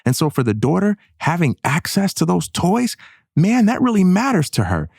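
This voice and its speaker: A man co-hosting a podcast, explaining ideas earnestly and getting animated when he voices other people's thoughts. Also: high-pitched, moderate pace, gravelly, slightly rough, dry recording, clean studio sound. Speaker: podcast co-host. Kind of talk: conversational podcast discussion.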